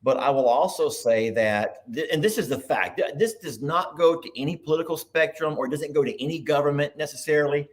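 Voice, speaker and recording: A man's voice: fairly high pitch, brisk, hardly any pauses. A man hosting a live video chat, chatty and full of questions for callers. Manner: chatty, animated, asks many questions. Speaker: live stream host.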